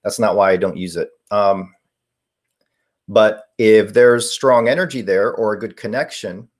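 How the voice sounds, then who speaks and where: 40s guy rambling thru chat questions on a live stream, lowish voice, lots of ums. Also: measured pace. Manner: rambling, reading chat questions aloud with fillers. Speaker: paranormal live-stream host.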